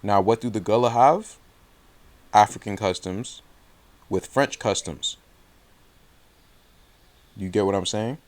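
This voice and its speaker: Low-voiced man hosting an interview. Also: slow pace, pauses often. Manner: thoughtful, lays out points and checks agreement. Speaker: host. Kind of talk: casual interview.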